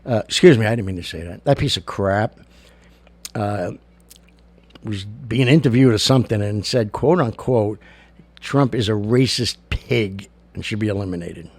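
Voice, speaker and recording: A man's voice: on the low side, normal speed, a little mellow, no room sound. An older man hosting a show, telling jokes and giving blunt opinions in a chatty, casual monologue. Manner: gravelly, blunt and chatty, with many fillers. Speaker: show host.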